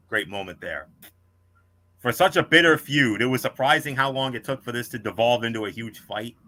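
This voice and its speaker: A man co-hosting a wrestling podcast, reading out a scripted match review with star ratings in a measured way. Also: mid-range voice, bright, forceful tone.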